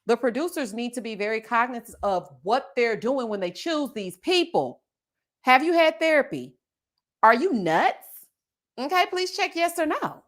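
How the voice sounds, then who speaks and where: A woman hosting a live reality-show review, her voice sitting a touch high and swooping all over as she talks. She is sassy and expressive, and she talks right to her viewers. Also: moderate pace.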